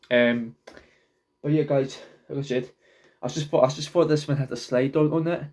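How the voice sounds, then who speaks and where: Talking casually into the camera for his own vlog, a young man rambles and keeps stopping to repeat and restart words. His medium-pitched voice is darkish, with fairly even intonation.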